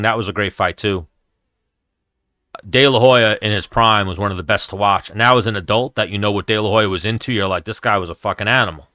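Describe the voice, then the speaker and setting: A man's voice: fairly low pitch, sharp tone, clear, resonant tone, dry recording, clean studio sound. Blunt, profane New man. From New York, USA. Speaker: MMA show host answering chat. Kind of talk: casual live-stream chat.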